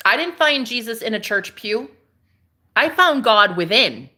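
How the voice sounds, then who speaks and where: Sassy lady streamer, bright voice that swoops all over, laughs a lot. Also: a little high, sing-song, unhurried. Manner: sassy, laughing, talks back to viewers. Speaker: spiritual streamer. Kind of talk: casual live-stream chat.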